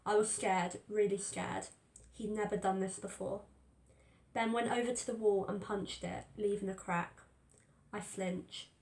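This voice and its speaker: A woman's voice: medium pitch, steady tone, measured pace, a little mellow. A woman narrating a first-person story aloud in a tense, fearful telling. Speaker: audiobook reader. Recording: roomy echo.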